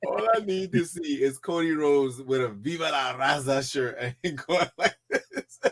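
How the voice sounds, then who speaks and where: A man co-hosting a casual podcast, excitably jumping in with reactions and stories. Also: a little high, normal speed. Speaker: podcast co-host.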